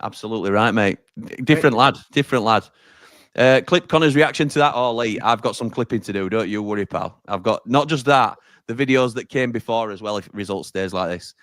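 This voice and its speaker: A man's voice: lowish voice, brisk, a bit bright, no echo, studio quality. A man from Sheffield hosting a fan watch-along stream, chatting casually and reading out viewer comments with frequent laughs.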